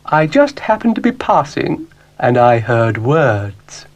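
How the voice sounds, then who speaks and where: A man voicing a refined, motherly female cow in a children's stop-motion show, high and gushing. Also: very animated, takes it slowly, dull audio. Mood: genteel.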